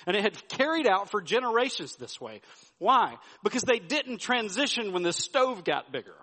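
A man preaching in a church and telling stories in a folksy, conversational way. His voice sits high for a man. Long reverb from the sanctuary trails each phrase. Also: sharp tone. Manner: storytelling with folksy asides and repeated restarts. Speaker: pastor. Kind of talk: sermon. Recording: sermon with long hall reverb.

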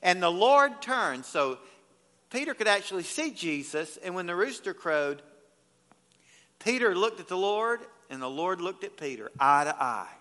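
A man preaching a sermon as pastor, retelling scripture with acted quotes and swinging from hushed to loud. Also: sits high, sing-song, measured pace. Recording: long hall reverb.

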